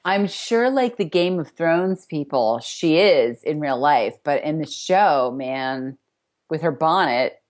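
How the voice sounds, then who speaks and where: A woman's voice: low voice, lively intonation, takes it slowly. A woman co-hosting a casual chat, joking and teasing with frequent laughs. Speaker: podcast co-host.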